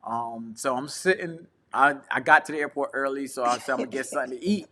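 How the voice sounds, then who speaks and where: Speaking quickly with a sharp tone at medium pitch, a podcast co-host who is also a traveling preacher recounts a trip from his couch at home. He leans on slang and voices the characters he met along the way.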